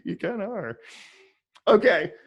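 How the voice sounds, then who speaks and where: A man hosting a casual interview, teasing his guest with wry remarks and halting restarts. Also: high voice, very animated, breathy edge, muffled recording. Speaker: podcast host.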